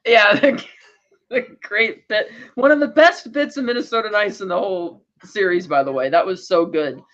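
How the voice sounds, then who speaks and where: A man's voice: high voice, normal speed, fairly bright tone, highs cut off. A man co-hosting a podcast, recapping a TV episode in a rambling, casual way with many restarts. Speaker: podcast co-host.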